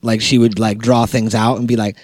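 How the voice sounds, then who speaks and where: A man's voice: lowish voice, little pitch movement, a little mellow, dry recording. Joking man on a dry podcast mic. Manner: joking, storytelling, quick laughs. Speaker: podcast co-host. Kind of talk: casual chat.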